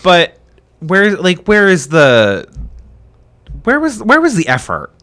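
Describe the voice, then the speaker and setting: Lively-voiced man chiming in. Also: high-pitched, takes it slowly. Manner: chiming in with short agreeing remarks and questions. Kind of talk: casual chat.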